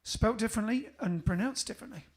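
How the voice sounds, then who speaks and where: A man's voice: high voice, quick pace, breathy edge. A man, a band's singer, chatting casually with a bandmate on a livestream, rambling and joking, often trailing off mid-thought. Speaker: band singer and co-host.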